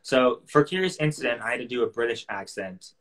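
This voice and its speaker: A young man, an actor guest, chatting casually on a video call interview, soft-spoken and hesitant, often restarting his sentences. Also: mid-range voice, expressive, brisk.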